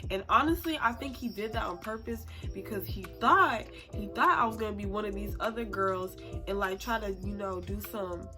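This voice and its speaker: A young woman vlogger telling a personal story in a chatty, expressive, slangy way. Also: medium pitch, moderate pace. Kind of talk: casual storytime. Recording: music playing under the voice.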